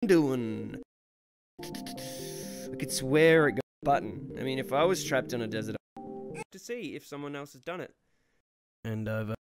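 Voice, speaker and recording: A man muttering offhand let's play commentary. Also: a little high. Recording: played back under loud game music.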